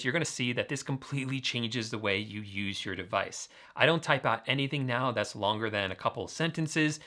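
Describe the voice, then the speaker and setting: A man's voice: medium pitch, sharp tone. A man hosting a tech channel, walking viewers through apps in an upbeat, enthusiastic screen-demo tutorial. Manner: enthusiastic, talks straight to viewers.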